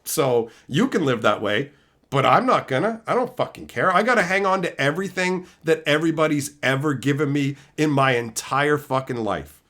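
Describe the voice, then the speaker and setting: A man's voice: a little high, animated, moderate pace, a bit bright. A man hosting a livestream, ranting bluntly and swearing constantly as he answers chat and acts out both sides of an argument. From America. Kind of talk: casual profane livestream rant.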